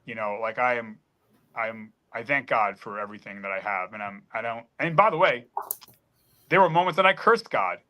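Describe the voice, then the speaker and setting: Choked-up man with a bright voice. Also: fairly low pitch, expressive, a little fast. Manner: earnest, choked up, emphatic. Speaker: panel guest. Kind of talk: emotional personal story.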